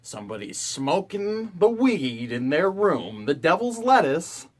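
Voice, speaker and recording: A young college guy vents to the camera from his dorm room, cursing constantly in an exasperated rant. His voice sits a bit high for a man and leaps all over the place, from low grumbles to sharp outbursts. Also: sing-song, unhurried. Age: young adult. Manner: profane, exasperated ranting. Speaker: college student vlogger. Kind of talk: ranting vlog.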